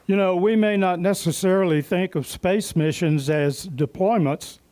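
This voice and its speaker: A man's voice: high-pitched, moderate pace, mellow, clear, resonant tone. A man emceeing a club meeting who tells folksy, joking stories and makes announcements.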